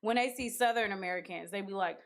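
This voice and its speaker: A young adult woman co-hosting a casual podcast chat, animated and opinionated, laughing often. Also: mid-range voice, fast. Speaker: podcast co-host.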